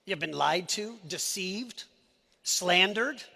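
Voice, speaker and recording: A man giving an emotional presentation on stage at a live company event, swinging between shouted lines and hushed asides. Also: high-pitched, expressive, slow, gravelly. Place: event stage before an audience.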